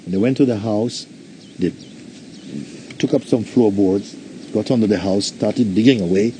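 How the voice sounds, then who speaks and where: A man, a spiritual teacher, giving a satsang talk and telling a story in a gentle, unhurried way. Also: lowish voice, a little hiss or hum.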